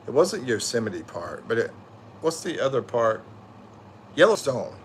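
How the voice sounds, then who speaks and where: Speaking with a medium pitch, very animated and a little slow, a tired middle-aged American man hosts a livestream with a little hiss or hum behind him. He reads viewer comments in casual chat, rambling, correcting himself, and using loose slangy talk.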